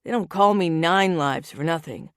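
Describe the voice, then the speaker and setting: A woman narrator voicing a brash, cocky young cowboy who boasts loudly in an audiobook. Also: on the low side, normal speed, no room sound, studio quality, lightly acted. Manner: boastful, swaggering.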